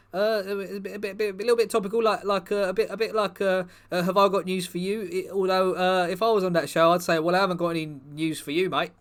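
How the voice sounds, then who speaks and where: Chirpy, dim young footballer voiced by a man, high and loud, stammering.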